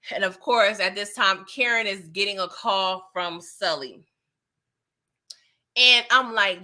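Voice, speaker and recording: A woman's voice: mid-range voice, slow pace, long pauses, pushed and bright. A woman casually recapping a TV episode in a chatty, slangy way, laughing often. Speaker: TV recap reviewer.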